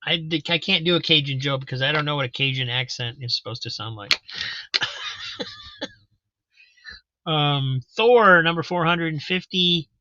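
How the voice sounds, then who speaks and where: A man's voice: on the high side, expressive, brisk, few pauses, bright, forceful tone, no echo, muffled recording. A man casually hosting a live comic book auction, chatting as he describes each issue.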